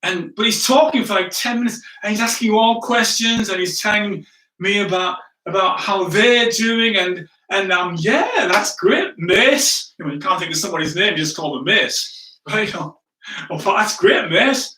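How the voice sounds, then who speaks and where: Pastor telling a story in a sermon, high and bright, self-mocking, lots of "right?" asides, roomy sound. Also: male voice, fairly even intonation, moderate pace. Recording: echoey room, distant from the mic.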